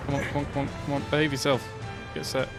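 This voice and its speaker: A man's voice: medium pitch, flat delivery, rapid-fire. A man streaming a video game, giving chatty, rambling live commentary as he plays. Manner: chatty, rambling, easily sidetracked. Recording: loud game music behind.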